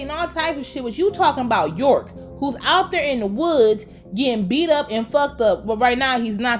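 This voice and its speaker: A young woman with a voice pitched a little high tears through a TV episode recap in loose, slangy talk. She swears freely and rants hard at the characters. Soft music plays faintly under her voice. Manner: profane, slangy, fired-up ranting. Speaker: TV show reviewer.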